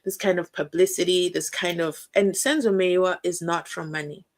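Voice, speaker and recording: A young South African woman hosts a live stream, speaking at normal speed in a fairly low voice. She chats and reads out viewer comments animatedly, acting out quotes and laughing often.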